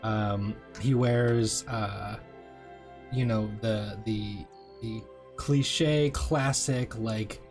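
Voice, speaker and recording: A man's voice: fairly low pitch, steady tone, drawn-out words, a little mellow. A man playing a tabletop game, describing his character in a rambling, hesitant way. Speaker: player. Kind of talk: casual tabletop chat. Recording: faint background music.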